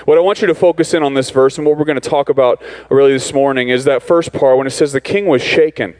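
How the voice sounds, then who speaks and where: A man's voice: medium pitch, steady tone, fast talker, hardly any pauses, a little mellow, low-quality recording. A visiting pastor from Arizona speaks to a church congregation. He delivers his sermon in an easygoing, conversational way and slips in jokes as he goes. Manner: joking, conversational preaching. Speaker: guest pastor. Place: church sanctuary.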